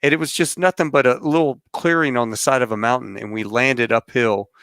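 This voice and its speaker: A male podcast host signing off his guests and telling a rambling, animated travel story. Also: mid-range voice, fairly quick, dry recording, clean studio sound. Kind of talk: casual interview sign-off and storytelling.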